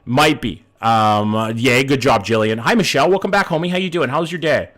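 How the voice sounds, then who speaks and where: A man's voice: mid-range voice, fairly quick, a bit bright. A man streaming a game live, thinking aloud in a casual way, swearing now and then and greeting his chat by name.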